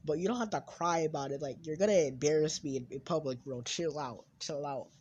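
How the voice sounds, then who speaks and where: A young man improvises a fan story in a loose, rambling way. He keeps cutting himself off, and his voice drops quietly at the end of his thoughts. The voice sits a little high and sounds husky and breathy. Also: brisk, few pauses, muffled recording. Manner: rambling, self-interrupting, trailing off quietly. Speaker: channel host telling a fan story.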